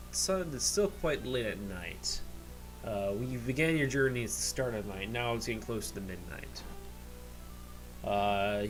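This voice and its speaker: A man narrating as game master of a tabletop game, halting, with many restarts. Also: on the low side, rough recording.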